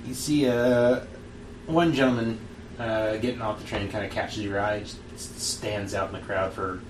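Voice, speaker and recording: A man narrating a western tabletop game as game master, halting with fillers and restarts. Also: fairly low pitch. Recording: distant mic in an echoey room with background noise.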